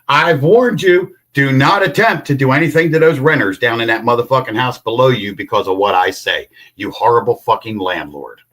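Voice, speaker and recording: An older man in an angry, profane livestream rant, confrontational and shouting at times. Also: medium pitch, moderate pace, few pauses.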